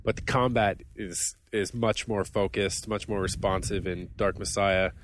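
A man co-hosting a casual gaming podcast, jokey and animated, who is sick and losing his voice. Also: fairly low pitch, unhurried, slight background noise. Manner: animated, jokey, talks over others. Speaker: podcast co-host. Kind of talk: casual chat.

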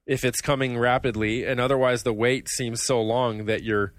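A man's voice: medium pitch, little pitch movement, normal speed, no room sound. A man co-hosting a casual gaming podcast, telling stories in a rambling, sarcastic way. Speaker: podcast co-host. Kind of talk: casual panel chat.

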